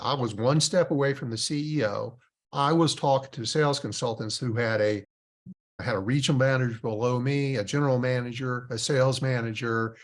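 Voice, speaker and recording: This is a middle-aged man hosting a business podcast. He talks bluntly and with emphasis, and he lets a mild curse slip in now and then. His voice sits at an everyday pitch. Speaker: podcast host.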